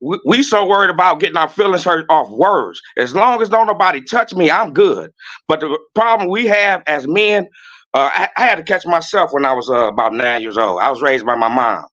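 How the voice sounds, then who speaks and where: A man calling in to a talk show, telling stories in a loud, blunt, preachy way. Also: fairly high pitch, expressive, a little fast, muffled recording. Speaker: caller. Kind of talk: casual talk-show call.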